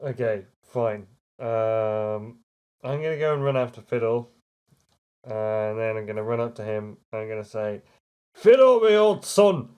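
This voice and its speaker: A man playing a tabletop role-playing game, joking around and slipping into loud character voices. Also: lowish voice, fairly even intonation, moderate pace, smooth. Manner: playful, bursts into loud laughing character voices. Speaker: tabletop player.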